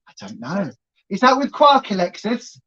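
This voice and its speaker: A woman's voice: mid-range voice, wildly swooping pitch, normal speed, a bit bright, slightly rough, lo-fi sound. A woman co-hosting a home live stream, chatting casually and greeting viewers by name. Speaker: co-host of a weigh-in live stream.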